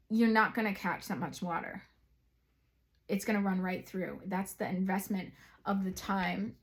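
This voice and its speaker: A woman gives a psychic tarot reading and talks directly to her viewers. She is chatty and excitable, breaking off into rambling asides before coming back to the cards. Her voice sits at an ordinary middle pitch. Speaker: psychic reader.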